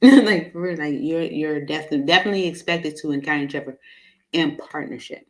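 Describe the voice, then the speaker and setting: A woman's voice: sits low, fast talker. A woman giving a casual live tarot reading, chatty and laughing often, with many fillers. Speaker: tarot reader.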